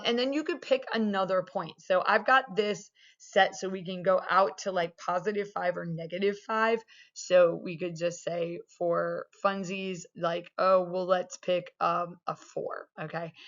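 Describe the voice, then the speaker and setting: Young woman math teacher, low-pitched, loose and chatty delivery, muffled recording. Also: a bit bright. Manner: casual, chatty explaining with many fillers. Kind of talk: recorded video lesson. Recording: dull lo-fi sound.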